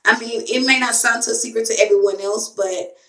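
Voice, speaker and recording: Young woman vlogger, rambling and emotional, higher voice, echoey bathroom, a bit off-mic. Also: fairly even intonation, a little fast, pushed and bright, recorded from a distance. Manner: rambling, emotional storytelling with many fillers. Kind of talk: casual chat to camera. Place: home bathroom.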